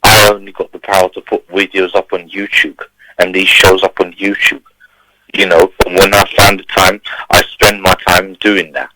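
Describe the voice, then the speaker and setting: A man's voice: low voice, little pitch movement, moderate pace, sharp tone, poor audio. A man calling in to a community radio talk show, ranting emphatically and repeating himself. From Turkey. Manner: emphatic, repetitive, preachy. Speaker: caller. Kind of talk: impassioned phone-in rant.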